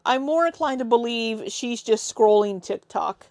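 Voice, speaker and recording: A woman's voice: fairly high pitch, unhurried, a little mellow, no echo. A woman hosting a reaction commentary, making sarcastic and skeptical asides. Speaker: commentary channel host.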